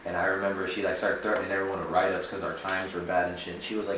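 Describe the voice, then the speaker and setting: A man's voice: deep voice, flat delivery, rapid-fire, hardly any pauses. A man in his twenties telling a story in casual podcast chat, rambling with lots of fillers and swearing. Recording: echoey room, far from mic, faint noise.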